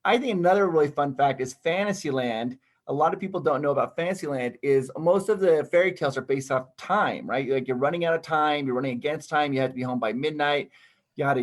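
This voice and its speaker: Man, from Utah, podcast guest, slightly high voice, animated storyteller, laughs often. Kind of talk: casual podcast chat.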